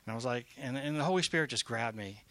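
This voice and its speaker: Bright-voiced man telling a faith testimony. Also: medium pitch, fast, no room sound. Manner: animated, emphatic storyteller with repeated phrases. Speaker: prison ministry worker giving a testimony. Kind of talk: testimony storytelling.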